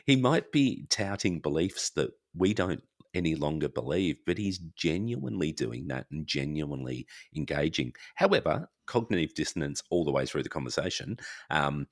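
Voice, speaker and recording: A man's voice: extremely low pitch, moderate pace, creaky, no room sound, clean studio sound. A man from Australia, a podcast guest talking casually and acting out other people's reactions with energy. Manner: animated, acts out quoted reactions. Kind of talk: casual conversation.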